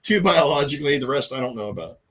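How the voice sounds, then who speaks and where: Lively joking man co-host. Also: medium pitch, fast talker, breathy edge. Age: middle-aged. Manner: swearing, joking, laughs a lot. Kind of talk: casual live chat.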